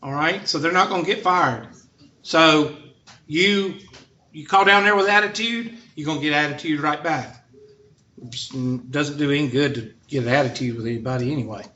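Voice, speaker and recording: A man's voice: on the high side, normal speed, sharp tone. A man teaching a math class, joking and sarcastic as he lectures. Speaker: math instructor. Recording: dull lo-fi classroom recording with faint noise.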